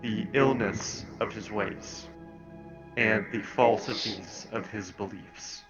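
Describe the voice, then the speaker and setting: A man voicing an ancient goddess who speaks into minds, slow and solemn, in a tabletop game. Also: on the low side, lo-fi sound, music in the background.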